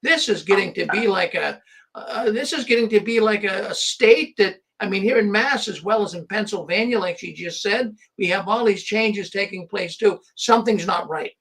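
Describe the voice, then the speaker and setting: A man's voice: sits high, moderate pace, fairly bright tone. A man hosting a call-in show, talking in a rambling, conversational way with restarts. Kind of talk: casual call-in talk.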